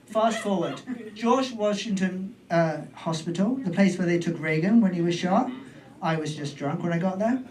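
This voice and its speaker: A man's voice: high voice, normal speed, a little mellow, distant mic, rough recording. A British man doing storytelling stand-up on a club stage, rambling and self-deprecating with trailing asides. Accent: British English. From Britain. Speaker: stand-up comedian.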